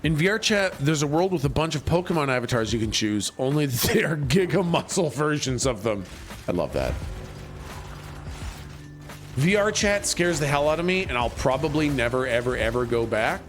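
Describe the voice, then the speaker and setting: A man's voice: a little high, normal speed, faint music behind. A man in his thirties chatting casually while he plays a game on stream, rambling and joking. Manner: animated, rambling, jokey.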